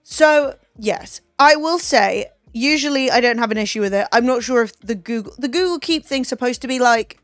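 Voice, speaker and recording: A woman's voice: on the high side, normal speed, few pauses, fairly bright tone, no room sound. A young woman from England with a Southern English accent, chatting casually on her stream in a rambling way, full of "like" and the odd swear. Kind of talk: casual chat. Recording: dry close mic, faint music.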